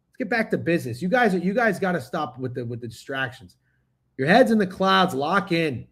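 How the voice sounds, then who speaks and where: A man's voice: on the high side, big pitch swings, a little fast, fairly bright tone, breathy edge. A man hosting a sports betting livestream, talking casually and profanely, speaking straight to his chat. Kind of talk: casual live-stream chat.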